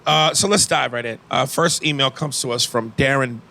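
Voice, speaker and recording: Loud-mouthed podcast guy, bright punchy voice, cussing a lot. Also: mid-range voice, normal speed, vocal fry. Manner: brash, profane, reads emails aloud. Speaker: podcast host. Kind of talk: casual comedic chat.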